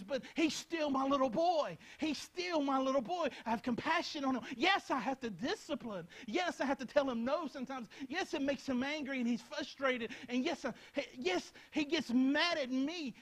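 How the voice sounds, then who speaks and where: A man's voice: extremely high pitch, rough recording. A young man preaching a Bible lesson, speaking earnestly and repeating phrases as he addresses his listeners directly. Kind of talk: Bible teaching talk.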